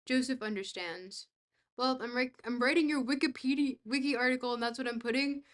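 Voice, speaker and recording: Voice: high-pitched, brisk, fairly bright tone. A young adult streamer in casual chat, reading messages aloud and answering them in a dry, joking, rambling way.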